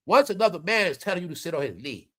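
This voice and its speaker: A man giving animated, slangy casual commentary, often turning to his viewers. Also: on the high side, fast talker. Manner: animated, slangy, keeps addressing the audience. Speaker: commentary vlogger.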